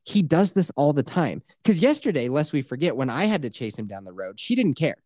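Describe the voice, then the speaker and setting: A young man telling a story in casual chat, animated and full of swearing. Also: a little high, brisk, no echo, studio quality.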